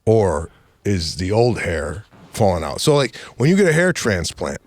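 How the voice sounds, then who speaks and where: A middle-aged man hosting a casual comedic chat, telling stories with animated delivery and acting out both sides of each exchange. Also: deep voice, moderate pace, dry recording. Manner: animated storytelling, acts out exchanges, says "bro". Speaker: comedian host.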